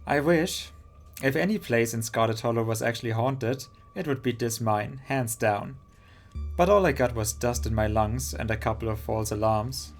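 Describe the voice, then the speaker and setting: A man's voice: medium pitch, moderate pace, soft background music, lightly acted. A man voicing a brash young woman who hunts ghosts for her videos, read in a dry, teasing way. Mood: wry.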